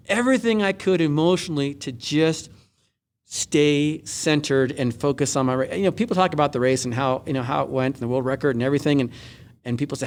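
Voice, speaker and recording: A middle-aged man, a guest on an interview show, telling a personal story earnestly with many pauses and restarts. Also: fairly high pitch, expressive. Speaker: guest, Olympic speed skater. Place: large indoor skating arena.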